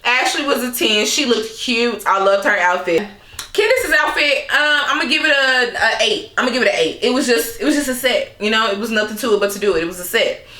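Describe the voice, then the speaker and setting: Sassy woman recapping reality TV, bright tone. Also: on the high side, brisk, reverberant. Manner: sassy, animated, laughs often, slangy asides. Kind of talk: casual recap commentary.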